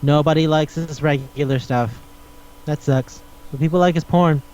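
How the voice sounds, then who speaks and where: A man's voice: a little high, moderate pace, a little mellow, lo-fi sound, slight background noise. A man hosting a casual podcast chat, rambling and swearing as he retells scenes and acts out the dialogue. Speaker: podcast host.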